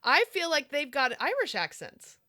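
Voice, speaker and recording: A woman with a high, bright voice hosts a casual podcast. She is excitable and giggly, and her pitch leaps about as she laughs through the conversation. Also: normal speed. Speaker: podcast host.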